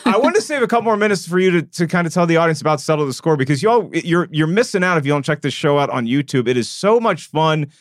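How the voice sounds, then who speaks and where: A man's voice: a little high, expressive, no room sound. Playful male podcast host, dry studio. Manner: playful, teasing, quick sign-off patter. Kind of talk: casual chat.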